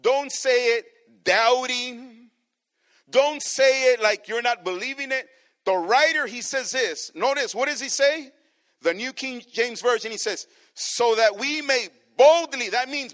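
High-pitched guy preaching a sermon, slow, goes quiet then loud and bold. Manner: preaching, swinging from soft to loud; addresses the congregation as church. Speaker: pastor.

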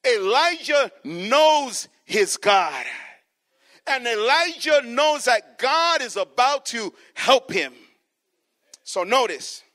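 A man with a strikingly high voice and a bright tone preaches a sermon. He reads the scripture aloud and stretches key words for emphasis. He keeps turning to the congregation with questions and calls of "church". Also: sing-song, slow pace.

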